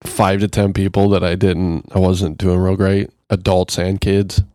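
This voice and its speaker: Low-voiced man musing, dry close sound. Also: little pitch movement, a little slow, mellow, no room sound. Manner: rambling, reflective storytelling. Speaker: podcast co-host. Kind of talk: casual chat.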